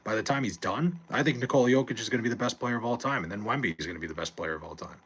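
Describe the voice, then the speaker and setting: Husky, profane male streamer. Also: mid-range voice, racing, fairly bright tone. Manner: loose, profane, rambling, reads chat aloud. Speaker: live streamer. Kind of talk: casual late-night stream chat. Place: home, late at night.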